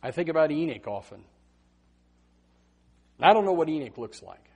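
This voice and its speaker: A man preaching a Baptist sermon, swinging from loud emphatic bursts to hushed asides. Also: fairly high pitch, sing-song, moderate pace, husky.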